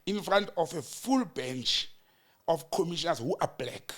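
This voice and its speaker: Man, South African accent, political commentator, fairly high voice, storytelling, acts out quotes. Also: sing-song, a little slow, fairly bright tone. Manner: storytelling, acting out quoted exchanges with rising emphasis. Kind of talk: animated political chat recounting a hearing.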